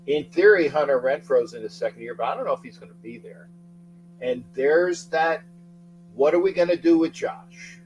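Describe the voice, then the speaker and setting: Excitable man hosting a sports livestream. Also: on the high side, normal speed, highs cut off, soft background music. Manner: excitable, shouts out viewer names, rambling. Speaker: livestream sports talk host. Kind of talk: casual livestream chat greeting viewers.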